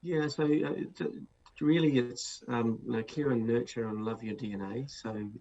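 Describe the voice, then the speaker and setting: Speaking at a normal pace in a medium-pitched, dark-toned voice, this New Zealand man is a guest author laying out his ideas in an interview, stumbling through fillers and restarts. The audio sounds muffled and lo-fi with a little background noise.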